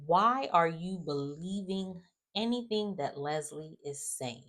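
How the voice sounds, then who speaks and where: A woman chatting casually in a sassy, animated way, sighing and acting out lines in quotes. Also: lowish voice, slow pace. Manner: animated, sassy, acts out characters in quotes, frequent sighs. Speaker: soap opera recap vlogger. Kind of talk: casual recap chat.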